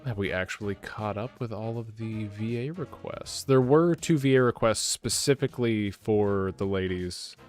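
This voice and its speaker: Male charity-stream host, low voice, upbeat and quick, casual delivery. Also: darkish tone, soft background music. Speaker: stream host reading donations. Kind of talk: casual chat.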